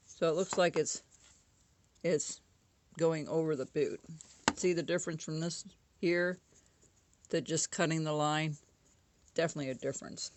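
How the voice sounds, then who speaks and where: A woman's voice: low voice, steady tone, normal speed, pauses often, slight background noise. A woman casually talking through a woodcarving tutorial at home, chatty and often correcting herself. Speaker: woodcarving instructor.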